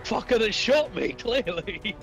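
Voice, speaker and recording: A man's voice: sits high, very animated, moderate pace, vocal fry, a bit bright, faint music behind. A man playing in an online tabletop game, chatting casually and swearing often. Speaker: player.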